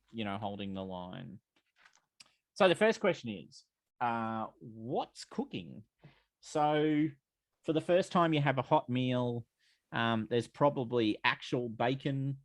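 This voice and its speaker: A man's voice: mid-range voice, dry recording. A man running a tabletop role-playing game as game master, narrating the scene with many fillers and restarts.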